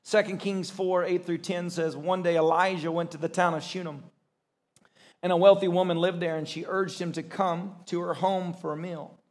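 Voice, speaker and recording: A male pastor preaching a sermon to a church congregation, lively and excitable, breaking into shouts as he tells stories. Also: normal speed. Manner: excitable, bursts into high shouts when storytelling. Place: church service.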